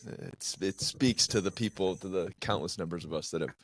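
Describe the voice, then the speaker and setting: A man who hosts a podcast and works as a police officer, chatting casually and sharing his own stories at an unhurried pace. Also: deep voice, dry recording. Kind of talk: casual interview chat.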